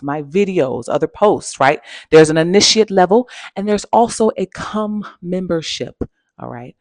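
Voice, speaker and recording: A woman's voice: fairly low pitch, darkish tone, no echo. A woman giving an emphatic, repetitive motivational talk as a spiritual coach, using pet names and a preacher-like cadence. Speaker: spiritual coach and channel host.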